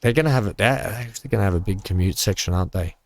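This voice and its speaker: A man with a fairly low voice talks his way through a building game from home. He rambles, cracks small jokes and thinks out loud at an easy, casual pace. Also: racing, no room sound. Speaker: gaming channel host. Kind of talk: casual let's-play commentary.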